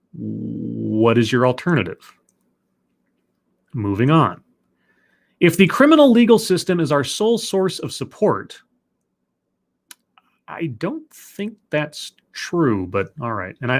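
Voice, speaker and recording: A man's voice: medium pitch, creaky. A man reading an essay aloud on a live stream, stopping often to question it with dry, sardonic remarks.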